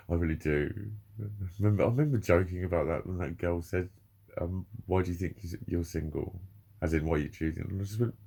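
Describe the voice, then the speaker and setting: A man's voice: low-pitched, a little fast, gravelly, mellow, slightly rough. A man in his forties talking candidly and emotionally to camera, swearing heavily in a confessional monologue. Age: 40s. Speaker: vlogger.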